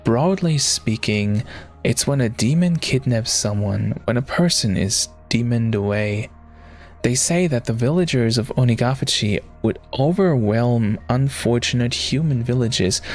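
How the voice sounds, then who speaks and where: A man voicing a calm woman telling a grim village legend, reading a visual novel aloud at a slow, measured pace. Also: medium pitch, faint music behind. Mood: ominous.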